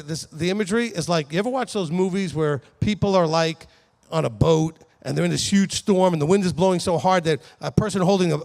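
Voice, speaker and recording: A man's voice: high-pitched, creaky. A man giving a conversational Bible teaching to a congregation, asking the audience questions as he goes. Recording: long hall reverb.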